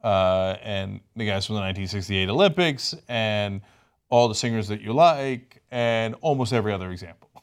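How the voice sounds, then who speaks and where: A man co-hosting a casual political commentary show, talking in an animated, mocking way. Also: lowish voice, moderate pace, clear, resonant tone. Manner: animated, mocking, mimics people in sing-song voices. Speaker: co-host.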